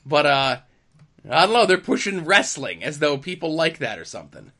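Bright-voiced chatty male podcast host. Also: fairly high pitch, big pitch swings, moderate pace. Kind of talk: casual chat.

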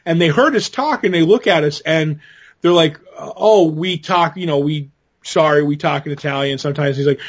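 A man's voice: fairly high pitch, moderate pace, husky, lo-fi sound. A man co-hosting a podcast, telling a rambling, self-mocking story in casual chat. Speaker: podcast co-host.

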